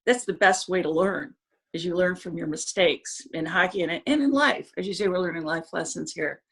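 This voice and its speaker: A woman speaking as a hockey parent in a casual podcast discussion, measured and with frequent fillers. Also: fairly low pitch, husky.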